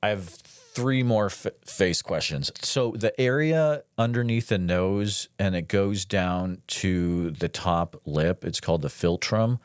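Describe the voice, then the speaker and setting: Low-voiced methodical podcast interviewer. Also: male voice, slow pace, hardly any pauses, clear, resonant tone, no echo, studio quality. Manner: methodical, detailed questions, soft acknowledgements. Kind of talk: calm interview questioning.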